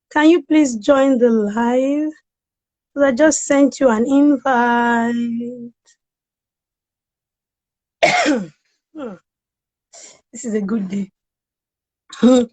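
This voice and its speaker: Woman, live-stream host, slow and high, voice roughed up by a cold, chatty, shouts out viewers. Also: rough recording. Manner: chatty, greets viewers by name, laughs often. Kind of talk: casual live-stream chat.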